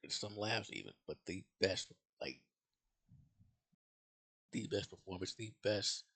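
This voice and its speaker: Deep gravelly man rambling casually. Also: slow pace, a bit bright. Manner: rambling, profane, with many fillers and restarts. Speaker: movie reviewer. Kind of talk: casual spoken movie review.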